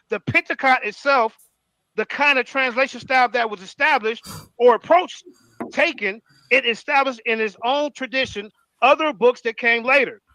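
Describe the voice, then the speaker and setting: A man with a very high, bright voice argues in an online debate, combative and quick. He often slips into reading from his notes, and his audio sounds dry and close. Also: no room sound, rough recording. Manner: rapid, combative, reads from notes.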